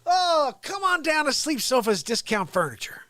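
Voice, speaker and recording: A man voicing a sleepy old male politician who rambles slowly and mumbles while pitching discount sofas. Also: big pitch swings, fairly bright tone, dry recording, exaggerated voice. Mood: sleepy salesman. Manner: drowsy, slow, mumbling and rambling.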